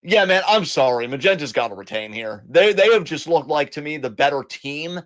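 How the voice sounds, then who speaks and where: A man co-hosting a live wrestling reaction stream, his voice sitting a little high for a man. He talks loosely and animatedly, swears freely and rambles between thoughts. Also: lively intonation, normal speed, a bit bright. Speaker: co-host of a wrestling reaction show. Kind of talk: casual live commentary chat.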